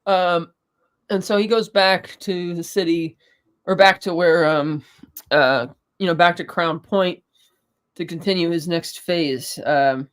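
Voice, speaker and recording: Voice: mid-range voice, fairly even intonation, slow pace, a bit bright, clean tone. A podcast co-host recapping a TV episode in loose casual chat, swearing freely, chuckling and stumbling over words as they act out the characters' lines. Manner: rambling, profane, acts out quotes; frequent fillers and restarts, chuckles.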